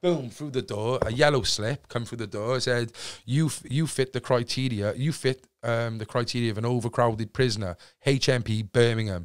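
Man, Cardiff accent, young adult, casual storytelling, animated, swears freely. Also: medium pitch, normal speed. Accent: Welsh, Cardiff. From Wales. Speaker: podcast guest.

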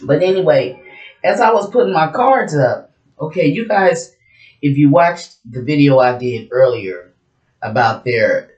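A woman's voice: sits low, animated, measured pace, darkish tone, dull audio. A woman giving a casual tarot reading, brash and mocking, with a lot of profanity. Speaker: tarot reader. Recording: roomy echo.

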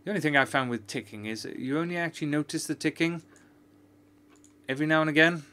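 A man's voice: a little high, fast talker, sharp tone. A man giving chatty, joking, sarcastic commentary while playing a video game. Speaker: gamer. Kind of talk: let's-play commentary.

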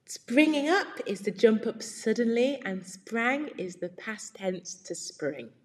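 A woman's voice: a little high, expressive, takes it slowly. A woman reading a storybook aloud for children, explaining words and asking them questions. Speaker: read-aloud teacher. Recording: long reverb.

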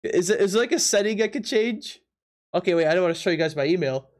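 An animated streamer talks directly to chat over a desk microphone while playing a drawing game, the voice sitting in a middle pitch. Speech tumbles out in fast, faltering spurts, with words repeated and laughter breaking in often.

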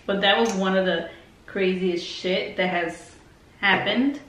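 A woman's voice: medium pitch, fairly even intonation, unhurried, a bit bright. Woman rambling thru a story, swears a lot, kinda far from the mic, faint hiss behind. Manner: rambling and heavily profane, full of fillers. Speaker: beauty vlogger. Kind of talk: casual storytelling. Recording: roomy, distant mic, faint noise.

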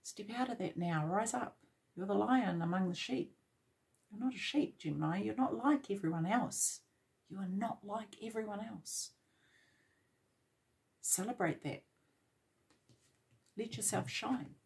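A woman's voice: mid-range voice, lively intonation, unhurried, vocal fry, pauses often. A woman giving a tarot reading, speaking encouragingly and directly to her viewers with lots of repetition. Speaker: tarot reader.

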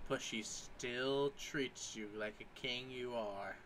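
Bright-voiced young man joking over memes. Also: mid-range voice, slow pace, slight background noise. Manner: jokey, reads captions aloud with mock voices. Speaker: co-host reading memes. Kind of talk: casual commentary reading memes aloud.

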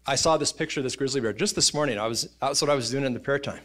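A man, preaching a sermon in a church, telling stories in an animated way and acting out voices and sounds. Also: medium pitch, fast. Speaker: pastor. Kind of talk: casual sermon storytelling. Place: church auditorium.

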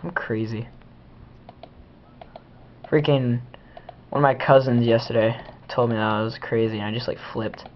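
A man's voice: medium pitch, little pitch movement, moderate pace, pauses often. Goofy teen boy rambling over gameplay. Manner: goofy, rambling, talks to himself. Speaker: gamer. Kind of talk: casual gameplay commentary. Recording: dull lo-fi home recording.

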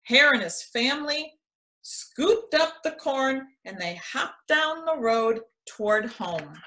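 A woman reads a children's picture book aloud, taking her time with each phrase. Her voice sits a little high and comes across bright and clear. The delivery is expressive, as a storyteller's should be. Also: slow. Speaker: extension educator reading a picture book.

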